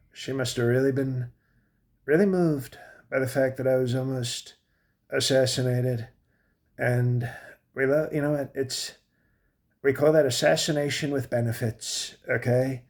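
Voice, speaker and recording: A boastful, self-admiring president in his late seventies, as a man puts him on for a comedy monologue. He rambles from one thought to the next and cuts himself off mid-sentence, all at a mid-range pitch. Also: darkish tone, close to an everyday voice. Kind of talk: comic impression monologue.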